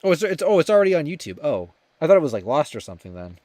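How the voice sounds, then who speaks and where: Lively rambling young male streamer. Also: on the high side, racing, no echo. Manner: rambling, many fillers and restarts, reads chat aloud. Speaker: livestream host. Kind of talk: casual livestream chat.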